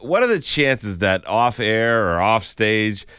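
A man's voice: on the low side, takes it slowly, clean tone, no echo, studio quality. A man from Western Massachusetts co-hosting a morning radio show, laughing a lot and telling stories animatedly. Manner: laughing often, animated storytelling. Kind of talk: casual radio banter.

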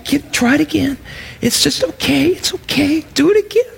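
A man voicing a heavenly father delighted by his child's first steps, speaking in an encouraging, high-pitched tone. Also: lively intonation, normal speed, creaky, exaggerated voice.

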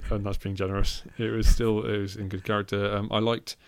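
A man's voice: lowish voice, flat delivery, brisk, vocal fry, smooth, no room sound. A man, co-hosting a casual podcast about films, chatty and amused, often restarting his sentences. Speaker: podcast co-host. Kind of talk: casual film chat.

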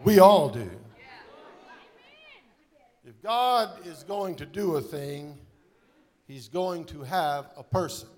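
A male pastor preaching a sermon in a church, speaking emphatically and directly to his congregation. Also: high voice.

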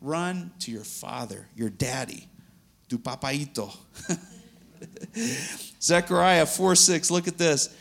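A man's voice: on the high side, slow, vocal fry, long pauses, fairly bright tone. A man preaching a sermon in an earnest, conversational way, laughing now and then between points.

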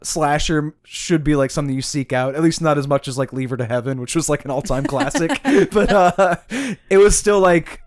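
A man's voice: fairly high pitch, normal speed, few pauses. A man co-hosting a podcast in casual chat, talking loosely with lots of fillers and frequent laughs. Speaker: podcast co-host.

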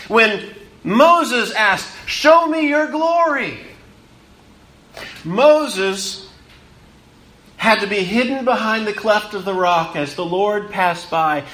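High, bright-voiced man preaching a sermon. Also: roomy sound. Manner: emphatic, swelling and dropping to hushed tones; repeats words for emphasis.

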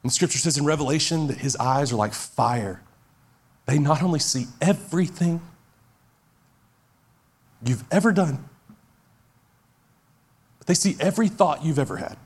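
A pastor in his forties preaches in a high-pitched voice. His delivery is earnest and emphatic, and he circles back to his key phrases. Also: unhurried, pauses often, slightly rough. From Texas. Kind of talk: sermon.

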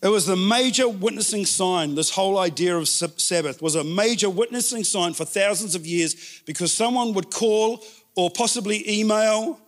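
A man preaching a sermon in an animated way, repeating words for emphasis. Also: high-pitched, moderate pace. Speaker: pastor.

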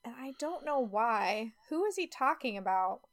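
A woman's voice: on the high side, lively intonation, normal speed. A woman co-hosting a casual podcast chat, reading tweets aloud and laughing often. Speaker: podcast co-host.

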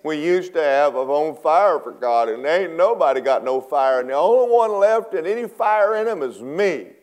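A man's voice: a little high, lively intonation, moderate pace, a little mellow, lightly acted. A man voicing a self-pitying, complaining male prophet during a sermon.

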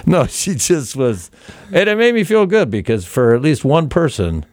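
Chuckling older man, lively voice. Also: a little high, no room sound. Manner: laughs often, halting restarts. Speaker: comedian guest. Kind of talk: casual radio chat.

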